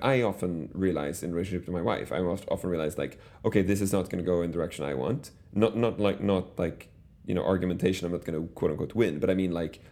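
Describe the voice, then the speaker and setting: Low, gravelly, and mellow, this middle-aged man's voice carries his stories as a guest in an interview. His conversational storytelling wanders, full of fillers and sentences he begins again.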